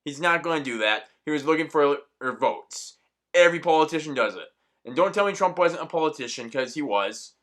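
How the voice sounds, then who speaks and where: A man's voice: a little high, animated, brisk, fairly bright tone. A man delivering an angry, profanity-laced ranting monologue as a vlogger.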